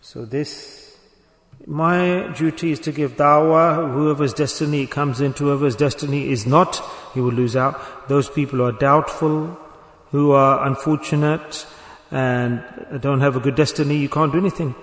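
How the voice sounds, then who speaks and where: A man's voice: on the high side, fairly even intonation, measured pace. Earnest preaching man in echoey hall. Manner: earnest, repetitive preaching with bursts of emphasis. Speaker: Sufi teacher. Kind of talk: sermon.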